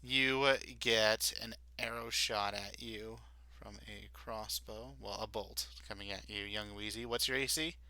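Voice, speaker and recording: A man's voice: on the low side, steady tone, measured pace, sharp tone, smooth, no echo. A man running a tabletop game as dungeon master, narrating casually and laughing often.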